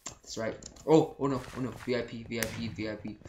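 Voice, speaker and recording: A teenage gamer giving excited let's-play commentary, yelping and repeating lines when panicked. The voice sits at a middle pitch and rings in an echoey room, with clear keyboard clicks and typing noise behind it. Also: a little fast. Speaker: gameplay commentator.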